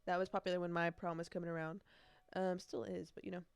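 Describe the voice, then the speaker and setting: A woman's voice: on the low side, little pitch movement, fast talker, gravelly, smooth, no room sound. A young woman hosting her own casual podcast, rambling chattily and breaking into snatches of song. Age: young adult. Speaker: podcast host. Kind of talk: casual solo podcast chat. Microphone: earbuds.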